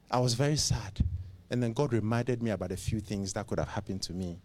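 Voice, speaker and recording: A man's voice: on the low side, a little fast, darkish tone. A man preaching a sermon who fires off rhetorical questions and often repeats words and restarts.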